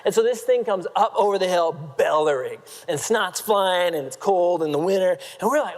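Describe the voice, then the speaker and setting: A fairly high-voiced man tells stories from a convention main stage, playful and self-mocking, tossing quips at the crowd. His voice carries a long reverb that rings through a large hall. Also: expressive, normal speed, hardly any pauses. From Nebraska, United States. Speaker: motivational keynote speaker. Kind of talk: humorous storytelling talk to a live audience.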